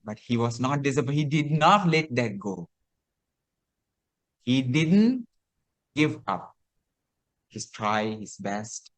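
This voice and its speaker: Slow-spoken man giving a sermon. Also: mid-range voice, expressive. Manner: slow, repetitive, with hesitant restarts. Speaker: Buddhist monk teacher. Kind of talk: storytelling sermon.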